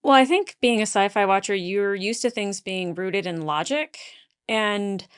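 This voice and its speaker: Smooth-voiced woman on a panel. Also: medium pitch, unhurried. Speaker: panel guest. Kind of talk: casual panel discussion.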